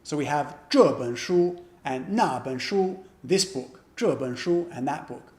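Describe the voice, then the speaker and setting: A man teaching a beginner language lesson, explaining patiently and repeating example phrases slowly and carefully. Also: a little high, animated, reverberant.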